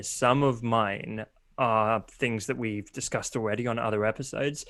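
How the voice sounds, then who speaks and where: A middle-aged man with a British accent co-hosting a business podcast, talking with earnest enthusiasm. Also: mid-range voice. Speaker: podcast co-host. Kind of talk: casual business podcast chat.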